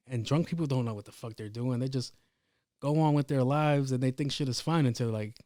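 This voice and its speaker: Male podcast host, mid-pitched, cursing and rambling through a story, dry close mic. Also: no room sound. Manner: profane, rambling, animated retelling. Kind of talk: casual solo podcast storytelling.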